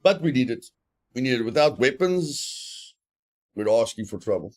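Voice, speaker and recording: A man's voice: medium pitch, very animated, normal speed. British man streaming a game. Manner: repeats phrases to himself, chatty with chat. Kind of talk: live gameplay commentary.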